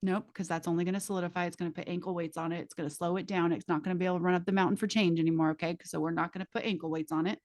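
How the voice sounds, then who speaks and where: A woman's voice: lowish voice, little pitch movement, rapid-fire, hardly any pauses, darkish tone. A woman facilitator teaching a live class in a casual, emphatic way, swearing freely and speaking straight to her students through vivid images.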